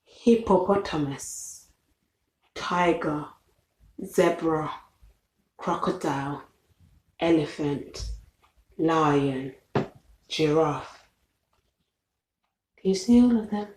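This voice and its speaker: A woman's voice: deep voice, very slow, pauses often, a little mellow, slight background noise. A woman reading a children's picture book aloud, patiently naming animals, asking questions and counting with the child. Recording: echoey room.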